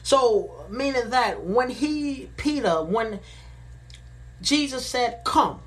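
A woman's voice: fairly high pitch, animated. A woman preaching a sermon, reading Bible verses and then repeating and paraphrasing them in plain words. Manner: slow and deliberate, repeating phrases. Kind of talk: sermon, reading and explaining scripture.

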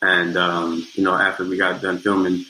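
A man's voice: sits low, monotone, moderate pace, bright, forceful tone, slight background noise. A young man and working actor telling stories casually in an interview, repeating words and using plenty of fillers like "you know what I'm saying". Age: young adult. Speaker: guest actor. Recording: echoey room.

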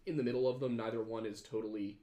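A man's voice: fairly low pitch, fairly even intonation, fast talker, mellow, roomy sound. A man hosting a podcast, chatting casually and reading viewer comments, rambling with many fillers and restarts. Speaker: podcast host.

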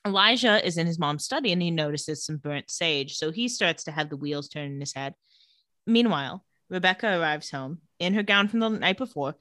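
A woman co-hosting a casual podcast, recapping a TV episode and acting out the characters' lines with shifting pitch and frequent laughter. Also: normal speed, no echo, studio quality. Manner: animated, acts out quotes with shifting pitch, laughs often. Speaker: podcast co-host recapping a TV show. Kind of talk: casual chat.

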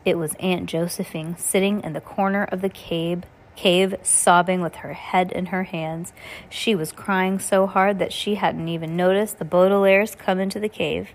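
A woman reading a children's novel aloud in a plain, unhurried way, with occasional stumbles. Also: on the low side, fairly even intonation. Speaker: reader.

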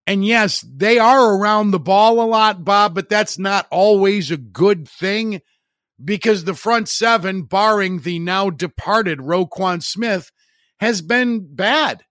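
A man's voice: high voice, takes it slowly, a bit bright, no room sound, clean studio sound. A middle-aged man hosting a sports podcast, delivering a blunt, opinionated monologue with wry asides and frequent restarts. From Chicago area. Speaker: podcast host.

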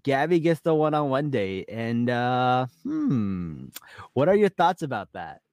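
A man's voice: mid-range voice, very animated, measured pace, a little mellow, no room sound, studio quality. A man co-hosting a podcast, chatting casually and upbeat about a reality show, often repeating words and laughing along. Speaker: podcast co-host.

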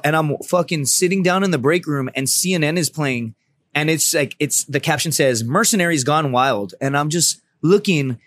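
A man in his thirties, a podcast guest, telling a story in casual, profane talk and loudly acting out the people he quotes. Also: fairly high pitch, normal speed.

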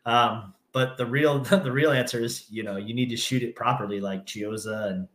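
A man, a high school basketball coach, co-hosting a sports podcast with relaxed, chuckling analysis. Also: moderate pace. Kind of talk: casual sports podcast chat. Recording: echoey room.

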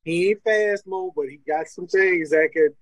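This interview guest, a former college footballer from Louisiana, tells casual stories at a moderate pace in a high-pitched voice. He stays animated, laughs frequently, and performs people's lines, captured on a dry, low-quality recording.

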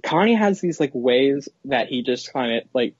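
A man hosting a podcast, chatting about a film in an excitable, rambling way with lots of fillers. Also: mid-range voice, moderate pace, breathy edge, dry recording, muffled recording. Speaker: podcast host. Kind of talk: casual film chat.

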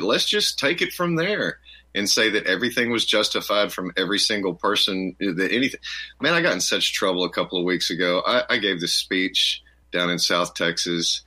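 A man's voice: fairly low pitch, bright, forceful tone. A man in casual conversation, talking in an emphatic, rambling way, full of restarts and quoted asides.

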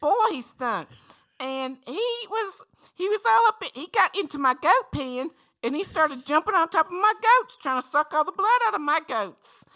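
A man voicing an excitable male caller from rural Kentucky, with a put-on Kentucky twang in a very high, squeaky voice, for a comedy call-in sketch. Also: moderate pace, exaggerated voice. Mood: excited.

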